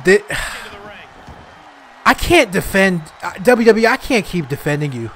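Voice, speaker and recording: A young man giving excitable, frustrated live commentary while playing a video game, trash-talking and yelling at the screen. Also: sits high, slow, a little hiss or hum. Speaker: gaming YouTuber.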